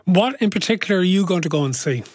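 A man's voice: high voice, expressive, fast, no echo. A man hosting a radio show, questioning a reporter with dry, teasing humour. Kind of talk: live radio interview chat.

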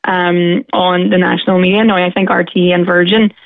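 Calling into a radio phone-in discussion, a woman from Derry, Northern Ireland, speaks forthrightly and with passion in a Derry accent. Her lowish, gravelly voice is level in tone and fairly quick. The recording is dry, over a tinny phone line.

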